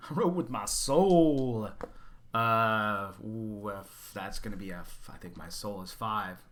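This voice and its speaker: A man's voice: on the low side, takes it slowly, a bit bright. A man as a player in a tabletop game, talking casually and hesitantly.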